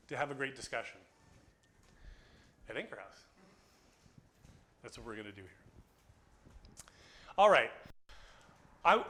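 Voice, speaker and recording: Animated man giving a lecture. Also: on the high side. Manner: animated storytelling, acts out dialogue. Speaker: philosophy lecturer. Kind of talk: informal classroom lecture. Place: small group gathering indoors.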